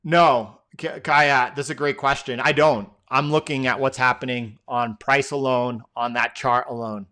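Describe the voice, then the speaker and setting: A man hosting a live trading session, reading out viewer questions and answering them off the cuff. His voice is bright and crisp. He rambles, restarts sentences and fills the gaps with filler words. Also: medium pitch, fairly even intonation, a little slow, hardly any pauses. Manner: loose and rambling, many fillers and repeated words. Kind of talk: casual live-stream Q&A.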